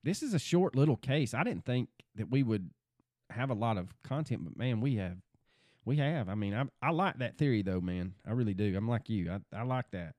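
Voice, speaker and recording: A man's voice: medium pitch, expressive, a little fast, darkish tone, no echo, studio quality. A man co-hosting a podcast in casual chat, talking through theories in an easygoing way. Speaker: podcast co-host.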